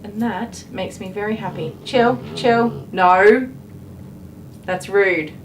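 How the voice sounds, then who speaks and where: A woman's voice: medium pitch, a little slow, slight background noise, poor audio. An Australian woman grooming a dog on a live stream, coaxing it in a soothing way while chatting to her viewers.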